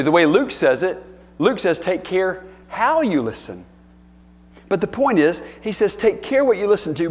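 Man, pastor, high voice, folksy sermon, acts out dialogue, long hall reverb. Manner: folksy storytelling with playful acted-out dialogue.

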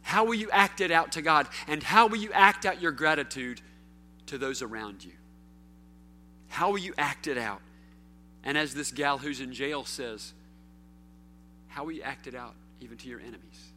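Pastor guy preaching, high bright voice, big swings loud to quiet, keeps asking the crowd questions. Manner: calls out rhetorical questions to the congregation. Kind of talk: sermon.

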